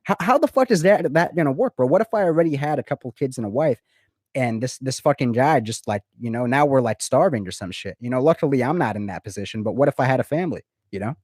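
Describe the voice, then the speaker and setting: A man in casual chat, telling a story in an animated way, full of swearing and repeated words. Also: medium pitch, fast talker, dry recording, clean studio sound. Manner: animated, profane, repeats himself. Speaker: guest in a recorded conversation. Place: lives in Florida.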